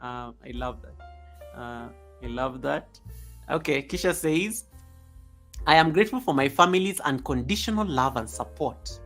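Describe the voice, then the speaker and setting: An animated male live stream host. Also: mid-range voice, moderate pace, soft background music. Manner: animated, reads chat comments aloud, chuckles often. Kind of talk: casual live stream chat. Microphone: USB desk microphone.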